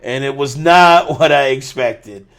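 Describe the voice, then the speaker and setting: A man's voice: medium pitch, measured pace, a bit bright. A man hosting a podcast, ranting with a lot of swearing in casual chat. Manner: profane, ranting. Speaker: podcast host.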